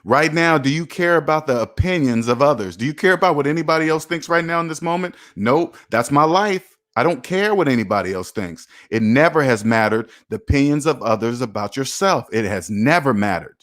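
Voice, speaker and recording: A man's voice: mid-range voice, animated, fairly quick, hardly any pauses, fairly bright tone. A man hosting a personal finance channel, talking straight to viewers in a preachy, repetitive, emphatic way. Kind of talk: motivational livestream talk.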